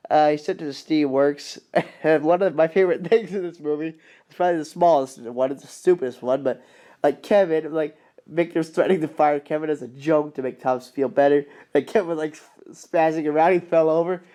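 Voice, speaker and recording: An excitable man rambles through a casual recap of a film he loves. His voice is mellow and soft-edged, pitched a little high. He restarts sentences and fills gaps as he goes. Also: fairly quick.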